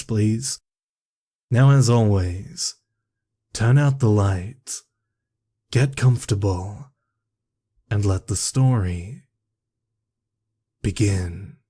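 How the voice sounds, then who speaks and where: A man who hosts a creepypasta reading channel, chatting casually and then narrating a horror story in a relaxed, self-deprecating way. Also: fairly low pitch, husky.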